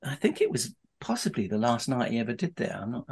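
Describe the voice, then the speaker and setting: A man's voice: medium pitch, big pitch swings, fast talker, darkish tone, breathy edge. Middle-aged man spinning rambling anecdotes. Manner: rambling storyteller with many restarts, chuckling. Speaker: podcast guest. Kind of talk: casual anecdote telling.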